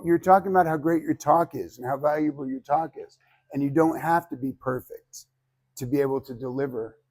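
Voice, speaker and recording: A man's voice: fairly high pitch, vocal fry, slightly rough. A man teaching a public speaking class, talking casually and animatedly, acting out quoted voices and swearing freely. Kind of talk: informal class lecture.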